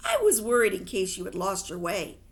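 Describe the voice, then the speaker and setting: A woman's voice: medium pitch, wildly swooping pitch, moderate pace, creaky, voice pushed down. A woman reading a novel aloud, voicing a doting mother who coos soothingly on the phone. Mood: cooing. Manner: cooing, soothing. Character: doting, cooing mother of a boy.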